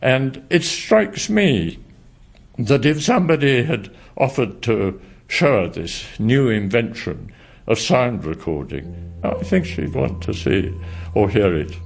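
A man's voice: medium pitch, big pitch swings, slow, creaky, slightly rough, faint music behind. A man, a historian, answering interview questions in a thoughtful, formal, slightly hesitant way.

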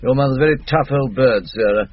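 A man's voice: mid-range voice, fast talker, lo-fi sound, close to an everyday voice. Radio sitcom: actor doing a persuasive, knowing male friend, faint hiss behind. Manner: assured, wry and persuasive. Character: confident male friend, wry and advising.

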